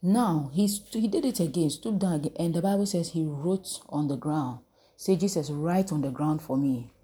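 A woman leads a Bible lesson and keeps asking her listeners questions so they answer back. Her voice sits low and sounds mellow and warm. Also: moderate pace. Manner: call-and-response, asks the listeners questions. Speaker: preacher. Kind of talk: interactive Bible teaching.

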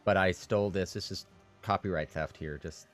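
Halting game master man. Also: low-pitched, fairly even intonation, fairly bright tone, soft background music. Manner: halting, many fillers and restarts. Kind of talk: running a tabletop game.

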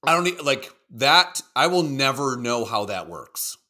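A man chatting loosely on a livestream, reacting to clips with lots of cursing and jokes. His voice is bright and edgy and leaps around in pitch. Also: measured pace. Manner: animated, profane, joking. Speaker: co-host. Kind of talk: casual livestream video reaction chat.

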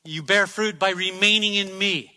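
A man's voice: high-pitched, steady tone, normal speed, sharp tone, long reverb tail. A man preaching a sermon in an emphatic style, repeating phrases for effect. He speaks from a church sanctuary.

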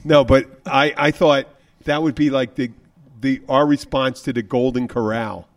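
A man's voice: medium pitch, fairly even intonation, moderate pace. Man riffing in casual chat. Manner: rambling, riffing on a comic idea.

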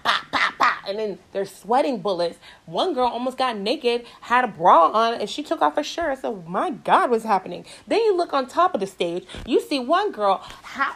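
A woman's voice: fairly high pitch, low-quality recording. A young woman vlogger telling a blunt, profane story in a casual, dramatic way, speaking into a phone from a moving car. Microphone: phone held away. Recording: car road noise, phone mic. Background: vehicle noise.

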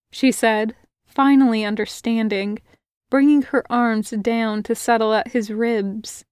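A woman reads a fantasy story aloud at an unhurried, measured pace, her voice pitched a bit high. The recording is dry and close, with no room echo behind her. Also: steady tone, a little mellow, clean tone. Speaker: podfic reader. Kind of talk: audiobook narration of fan fiction.

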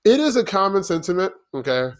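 A man's voice: high voice, very animated, fairly quick. A man hosting a solo podcast, talking bluntly and profanely in a rambling rant full of "okay?" asides. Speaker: podcast host.

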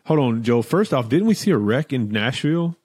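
A man's voice: medium pitch, sing-song, brisk, darkish tone, slightly rough, dry recording, clean studio sound. A man co-hosting a podcast, chiming in and recalling old trips in casual banter. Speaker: podcast co-host.

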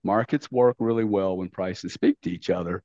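A brash middle-aged man with a fairly low voice tells his stories bluntly, with slang and the odd swear word. The sound is dull and lo-fi, recorded close and dry with no room echo. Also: moderate pace, warm tone. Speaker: podcast guest. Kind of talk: casual storytelling interview.

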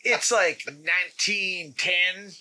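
A man co-hosting a casual podcast, animated and joking, launching into comic bits. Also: sits high, slow. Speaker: podcast co-host.

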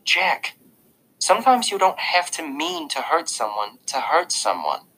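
A man's voice: fairly high pitch, wildly swooping pitch, pushed and bright, slight background noise, voice pushed up, heavily acted, low-quality recording. A man voicing a stern, scolding babysitter. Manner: slow, scolding, preachy. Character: stern, devout woman babysitter.

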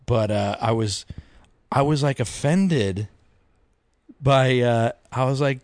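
A man's voice: medium pitch, takes it slowly, long pauses, a little mellow, dry recording. A man co-hosting a podcast in casual chat, rambling through stories with mock-outraged quotes. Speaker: podcast co-host.

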